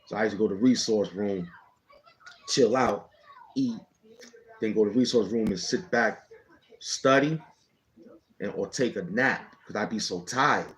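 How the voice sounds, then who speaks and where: A man's voice: lowish voice, a little slow, long pauses, slight background noise, poor audio. A man casually telling a personal story in rambling street slang, often checking in with "you know what I'm saying".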